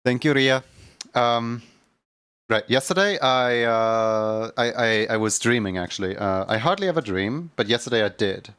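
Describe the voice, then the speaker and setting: A man's voice: mid-range voice, normal speed, fairly bright tone, smooth, dry recording, clean studio sound. A young man chatting casually on a livestream, telling a rambling story full of fillers and restarts. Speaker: streamer.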